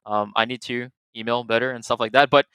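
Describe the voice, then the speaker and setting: Male co-caster, bright voice, excited and rambling. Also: mid-range voice, fast talker, smooth, dry recording. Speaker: esports co-caster and organizer. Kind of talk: live esports commentary.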